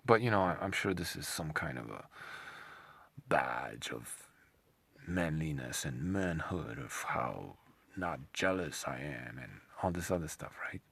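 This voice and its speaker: Man, deep husky voice, slow drawl, sarcastic commentary, scornful, rambling. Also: expressive, a bit bright. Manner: rambling, repeats himself. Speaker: commentary channel host. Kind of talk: opinionated commentary monologue.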